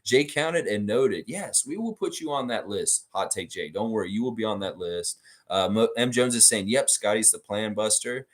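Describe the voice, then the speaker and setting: A man hosting a live basketball stream, chatting with viewers and telling an improvised story, slipping into quick character voices. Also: fairly low pitch, lively intonation. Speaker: sports podcast host.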